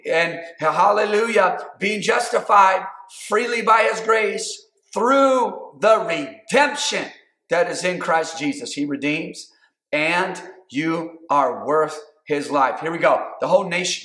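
A man preaching a sermon, building to shouted calls and asking the congregation to respond. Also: on the high side, measured pace. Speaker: pastor. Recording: roomy echo.

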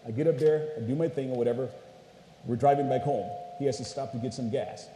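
Talking fast in a mellow, mid-range voice, this preacher tells stories in a relaxed, playful sermon and keeps saying "you guys" to the congregation. The audio comes from an echoey hall with a bit of faint noise.

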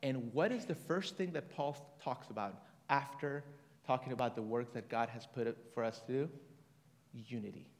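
A man's voice: medium pitch, moderate pace. Man, preacher, casual conversational sermon, reads scripture aloud, leads congregation responses, long hall reverb.

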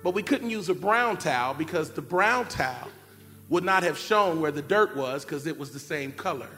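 A man preaching a sermon, telling a family story in an animated way and acting out shouted cries. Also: fairly high pitch, moderate pace. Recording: long reverb of a large hall. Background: keyboard music.

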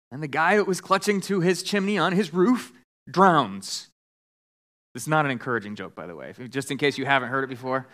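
A man preaching a sermon as pastor, telling a joke with lively voices for the characters in a church sanctuary. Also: on the high side. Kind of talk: sermon with storytelling.

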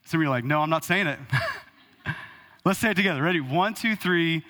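A man in his thirties preaching a sermon from the pulpit, animated and rhetorical, calling out to the congregation. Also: fairly high pitch, brisk. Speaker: pastor. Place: church hall. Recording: long hall reverb.

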